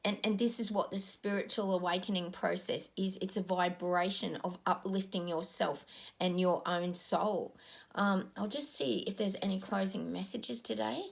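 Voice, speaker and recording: A woman's voice: mid-range voice, fairly even intonation, normal speed, gravelly. A middle-aged woman talking casually to her viewers, rambling and earnest with lots of ums. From Australia. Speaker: psychic giving predictions.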